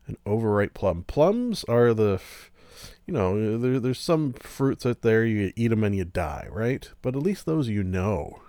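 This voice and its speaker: A man's voice: mid-range voice, sing-song, a little slow, warm tone, smooth, no room sound. A man hosting a solo podcast, rambling casually with goofy, self-mocking asides. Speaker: podcast host.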